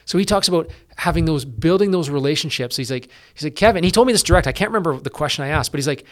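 Fast-talking middle-aged man. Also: a little high. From Canada. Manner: energetic, quick, with many fillers and restarts. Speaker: police officer guest. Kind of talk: casual interview conversation.

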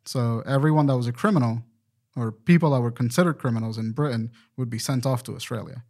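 Rambling casual podcast host. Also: male voice, medium pitch, fast talker, gravelly, a little mellow. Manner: rambling, profane, self-correcting. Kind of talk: casual chat.

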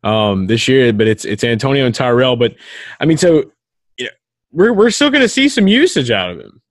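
A man's voice: mid-range voice, very animated, moderate pace, no echo, studio quality. A man co-hosting a casual sports podcast, rambling with lots of filler words. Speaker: podcast co-host.

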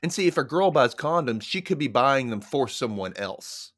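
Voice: medium pitch, expressive, normal speed, a bit bright, no echo, studio quality. A podcast guest in casual chat, talking loosely with lots of "like" and "you know.".

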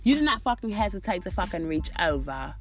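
A woman's voice: fairly low pitch, very animated, a little fast, soft background music. A British woman hosting a podcast, delivering a furious, mocking, profane rant. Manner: furious, mocking, swearing constantly. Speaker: podcast host. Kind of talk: profane ranting commentary.

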